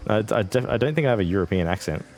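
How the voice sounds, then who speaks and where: Rapid-fire and expressive, this streamer in his twenties has a lowish, darkish voice over soft background music. He rambles casually through gameplay and chats with viewers between fights.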